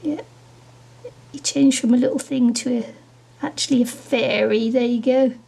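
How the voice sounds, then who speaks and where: A woman with a high, gravelly voice chats her way through a crafting project, giggling as she goes. She sounds hoarse, as if her voice is going. Her tone is husky and breathy. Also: steady tone, normal speed, dark tone. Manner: chatty, giggly, talks while working. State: losing her voice. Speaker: crafting vlogger. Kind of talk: casual crafting tutorial chat.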